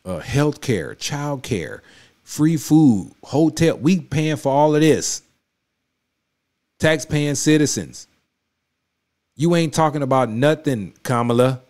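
A man's voice: mid-range voice, darkish tone. A man hosting a reaction video, commenting on a political speech in a casual, emphatic, repetitive way and talking straight back at the clip. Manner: emphatic, repetitive, conversational street talk; addresses the clip directly with rising heat. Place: home studio.

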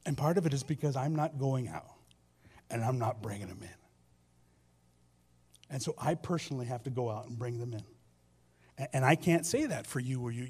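A man preaching a sermon as pastor, telling stories with repeated phrases and swinging between loud and soft delivery. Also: mid-range voice, breathy edge. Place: church sanctuary.

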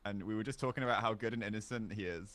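A man bantering and teasing quickly while arguing over votes in an online game. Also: lowish voice, a bit bright. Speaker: game player. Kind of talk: fast game-meeting banter.

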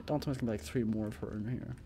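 A let's play gamer giving casual commentary, reacting with excitable, jumpy outbursts and swearing, and talking to themself and the game character. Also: medium pitch, very fast, noisy background.

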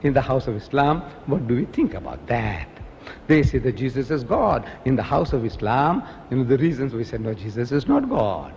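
Impassioned male preacher, pitch leaps all over, long hall reverb, faint room noise. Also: big pitch swings, moderate pace, gravelly, darkish tone. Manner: impassioned, mimics others in raised voice. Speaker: Islamic preacher. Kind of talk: animated religious lecture.

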